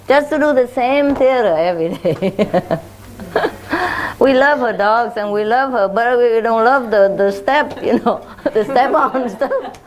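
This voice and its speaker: Speaking a little slowly in a fairly high voice, a woman who teaches spirituality tells her followers casual stories using plain, relaxed English.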